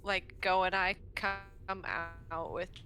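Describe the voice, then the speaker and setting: A woman's voice: lowish voice, level tone, slow, pushed and bright, faint music behind. A woman taking part as a player in a tabletop game, talking in a playful, hesitant way with many fillers. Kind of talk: tabletop role-play.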